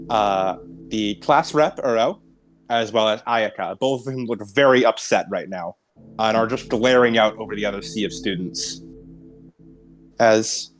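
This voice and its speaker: A man narrating as game master in a tabletop role-playing game, describing scenes in a halting, searching way. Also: mid-range voice. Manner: descriptive, halting, many restarts and fillers.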